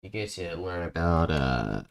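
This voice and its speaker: A man's voice: deep voice, lively intonation, a little slow, vocal fry, crowd noise. A young man chatting casually and joking while he codes a game, thinking aloud as he types. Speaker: game developer. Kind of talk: casual chat while coding.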